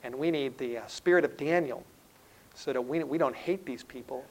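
A middle-aged male preacher giving a sermon in an earnest way, building up loudly and then dropping to a hushed, intimate tone. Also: medium pitch, normal speed, rough recording. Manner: earnest, swells loud then drops to a hushed tone.

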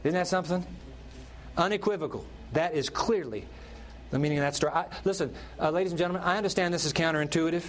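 A middle-aged pastor preaching a sermon, telling the story with animated delivery and acting out characters' lines. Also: male voice, a little high, fast, slight background noise.

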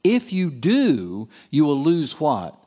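A man's voice: on the high side, slow. A man preaching at a seminar, reading passages aloud and asking his listeners questions. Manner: lively, asks the audience questions. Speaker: seminar speaker. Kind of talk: sermon.

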